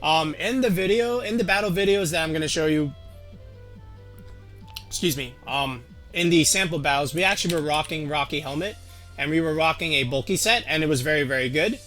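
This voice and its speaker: Pitched fairly high, his voice sounds pushed and bright as he casually walks through a teambuilding tutorial for a game. He's a competitive game YouTuber who rambles, with lots of fillers and restarts.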